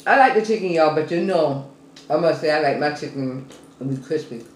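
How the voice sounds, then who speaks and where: A woman hosting a home eating show, chatting slowly and casually to viewers between bites. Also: low-pitched. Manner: slow, relaxed, murmuring between bites. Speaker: mukbang eating show host. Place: room at home. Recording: roomy echo, faint background hum.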